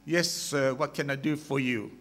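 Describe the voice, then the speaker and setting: A man voicing a polite male cafe waiter who answers in a deadpan way. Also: medium pitch, normal speed, pitched below the performer's own voice, close to an everyday voice.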